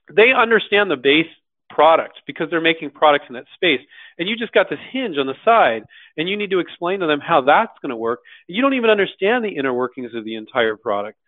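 Blunt, animated man on a tinny line. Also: on the high side, no echo. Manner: animated, acts out quoted voices, blunt and slangy. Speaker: host answering viewer questions. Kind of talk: live Q&A, casual and direct. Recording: dry tinny phone-like sound.

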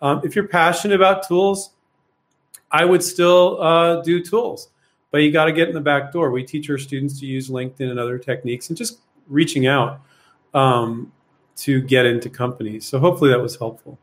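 A man's voice: fairly high pitch, fairly even intonation, normal speed. A man hosting a live Q&A, answering viewers' questions in a blunt, rambling way with plenty of fillers and rhetorical questions. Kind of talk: casual live Q&A coaching.

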